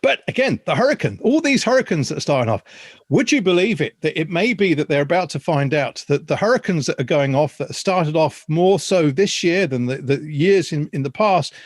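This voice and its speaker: A man hosting a podcast, talking with a slightly raised pitch in a rambling, hesitant way. His voice is dry and close, with no room sound. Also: lively intonation, brisk, dry recording. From Ireland. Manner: rambling, hesitant, laughs easily. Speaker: podcast host. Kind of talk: reflective podcast chat. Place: video call.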